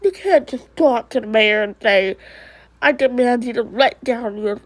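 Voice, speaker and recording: A woman's voice: fairly high pitch, a little slow, poor audio. A woman voicing a worried mother who pleads with and scolds her stubborn ghost child in a one-person amateur drama. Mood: lecturing.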